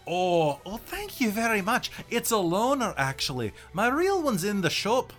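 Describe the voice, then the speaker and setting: A fussy, theatrical scarecrow with lobster claws and a gourd for a head, voiced by a game master chatters along in an overdone brogue. The voice sits well above the performer's own and leaps around with lively pitch. Faint music plays under the tabletop session. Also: unhurried. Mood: chatty. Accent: mock Scottish-Irish brogue.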